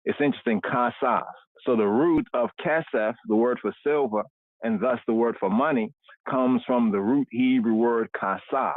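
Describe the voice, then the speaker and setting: A man's voice: medium pitch, no echo. A man teaching a livestreamed scripture study, unpacking Hebrew words and tagging nearly every phrase with "right?". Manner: explains Hebrew words slowly, with constant "right?" checks. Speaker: Bible teacher. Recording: dry, phone-like narrow sound.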